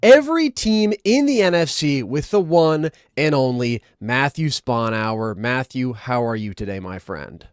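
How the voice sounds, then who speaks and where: A young man hosts a sports podcast in an animated, joking way, laughing often. His pitch swings widely as he talks, and the sound is dry and close with no room around it. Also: a little slow, few pauses, clean tone, no echo. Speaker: podcast host. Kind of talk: casual sports chat.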